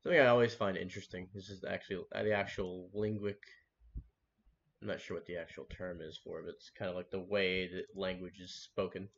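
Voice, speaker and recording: A man's voice: deep voice, little pitch movement, brisk, gravelly. Man streaming, rambling over a dull mic. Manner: rambling, lots of fillers and restarts. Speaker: streamer reacting to a video. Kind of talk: casual live-stream commentary. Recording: dull lo-fi mic with faint noise.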